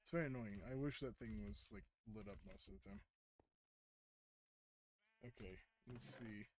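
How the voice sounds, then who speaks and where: A man's voice: mid-range voice, big pitch swings, moderate pace, a little hiss or hum. A young man casually commenting while he plays a game, rambling and often correcting himself mid-sentence. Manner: rambling, hesitant, self-correcting. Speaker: streamer.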